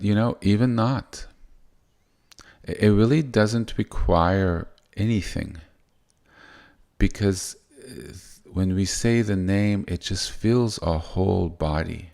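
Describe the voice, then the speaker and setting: Slow, deep gravelly male teacher. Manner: soft, unhurried, meandering with restarts. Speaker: spiritual teacher. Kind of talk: gentle spiritual teaching.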